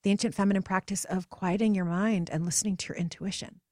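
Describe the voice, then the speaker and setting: A pregnant woman in her forties hosting a podcast, telling a personal story in an earnest, emotional way, her voice climbing higher when she gets passionate. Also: fairly even intonation, fast talker, a little mellow, no room sound, clean studio sound. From United States. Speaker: podcast host.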